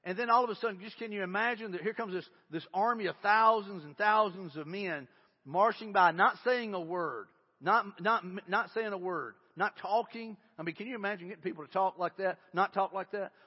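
A man with a high, husky voice preaches in a conversational, animated manner. He moves between reading scripture aloud and retelling it in everyday words. The sound is muffled, and a long reverb hangs in the church hall. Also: fairly quick. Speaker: pastor. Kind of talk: sermon.

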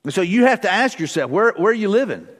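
Middle-aged pastor preaching in a reverberant hall. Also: male voice, sits high, big pitch swings, fast talker. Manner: casual, storytelling, frequent fillers and restarts. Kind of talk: conversational sermon. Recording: long reverb of a large hall.

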